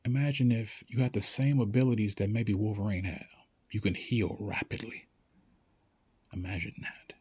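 A man talking casually and with excitement, swearing now and then and acting out short back-and-forth exchanges as he urges listeners to imagine things. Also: fairly low pitch, slightly rough. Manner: animated, swears casually, acts out quick dialogues. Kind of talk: casual motivational monologue.

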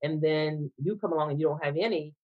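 A woman's voice: low-pitched, fast talker. Hesitant reflective woman, dull sound. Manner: reflective, hesitant, thinks aloud. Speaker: podcast guest. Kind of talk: casual conversation.

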